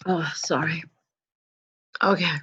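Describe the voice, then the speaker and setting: A woman teaches a college class over a video call, talking casually and laughing at her own asides. Her pitch sits in the middle, and the call audio is a little dull and muffled. A sneeze or cough breaks in now and then. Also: steady tone, slow, fairly bright tone, slight background noise. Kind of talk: casual online class lecture.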